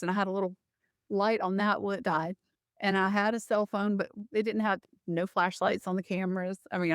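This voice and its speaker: A woman's voice: medium pitch, no echo. Middle-aged woman telling a story, laughs a lot, restarts, close dry sound. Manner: animated, laughing often, with many restarts. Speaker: guest. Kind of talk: personal storytelling in a conversation.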